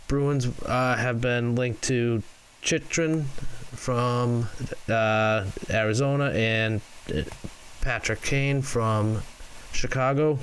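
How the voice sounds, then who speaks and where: A man's voice: fairly low pitch, a little hiss or hum, low-quality recording. Casual male podcast host. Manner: quick, loose, joking, steering the show.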